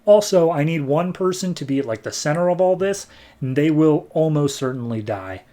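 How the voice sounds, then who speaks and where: A cocky male mercenary, as a man puts him on during a comic recap, breezy and dismissive in a slightly raised voice. He brushes everything off with quick, careless lines. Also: a little high, expressive, dark tone, pitched above the performer's own voice, natural voice. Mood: flippant.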